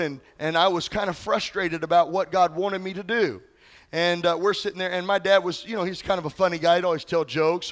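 A male pastor preaching a sermon in a conversational way, often asking the congregation questions. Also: sits high.

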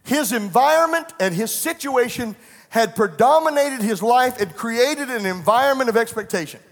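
High-voiced preacher in an echoey hall. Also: male voice, animated, normal speed. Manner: storytelling, rising to fervent preaching. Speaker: pastor. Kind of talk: sermon. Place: church sanctuary.

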